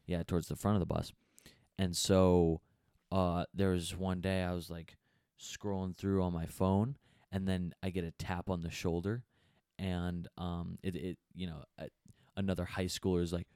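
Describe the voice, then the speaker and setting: A man's voice: low-pitched, little pitch movement, moderate pace, warm tone, clear, resonant tone, no echo, clean studio sound. A young man telling a story to a friend in casual chat, hesitant and full of fillers.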